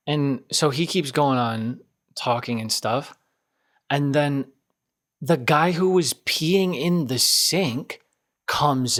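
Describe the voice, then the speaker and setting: A man's voice: on the high side, takes it slowly, a bit bright. A man in his twenties hosting a podcast, telling a story in a rambling, self-deprecating way that circles back and repeats itself. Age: 20s. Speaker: podcast host. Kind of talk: casual storytelling.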